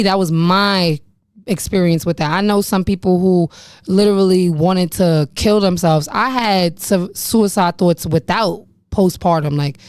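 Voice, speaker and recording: A young woman hosts her own podcast, speaking candidly and bluntly about her experiences, with profanity and rueful laughter. Her voice sits a bit low and sounds smooth and clear. The recording is dry and close, with no room echo. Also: a little mellow. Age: young adult. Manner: frank and profane, laughs about painful memories. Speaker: podcast host. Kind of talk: candid personal storytelling.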